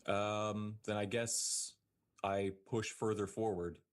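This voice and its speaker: Deep-voiced man, a hesitant tabletop player. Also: level tone, slow pace. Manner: hesitant, tentative. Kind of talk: tabletop game play.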